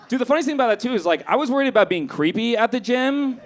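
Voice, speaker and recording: A young man performing a stand-up comedy set on a club stage, acting out his own lines in an animated way. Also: extremely high pitch, very fast, few pauses, crowd noise, background noise.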